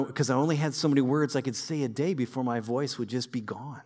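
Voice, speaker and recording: A man preaching a sermon in a conversational, lively way, with personal stories and light humor. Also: medium pitch, brisk. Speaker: pastor.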